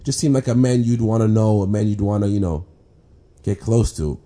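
A man casually telling a personal faith story, talking haltingly with restarts, repeated words and many fillers. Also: on the low side, warm tone. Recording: clear background ambience noise.

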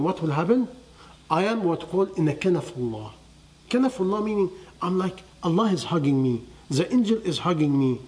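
A man giving a sermon to listeners, quizzing them with rhetorical questions and dropping to a hush on key phrases. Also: high-pitched. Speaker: religious teacher. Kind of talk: sermon to a live audience.

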